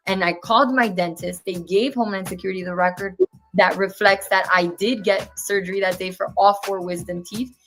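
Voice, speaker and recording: A woman's voice: mid-range voice, brisk, soft background music. Young woman telling an indignant story. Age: 20s. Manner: animated retelling, acting out each exchange; earnest and indignant. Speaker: guest. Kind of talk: personal story in conversation.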